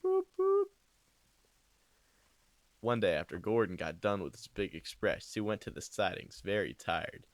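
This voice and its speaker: A young man narrating a crude, improvised parody story into a home microphone, rambling and swearing with deadpan asides. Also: deep voice, moderate pace, few pauses, no echo. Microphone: new home microphone.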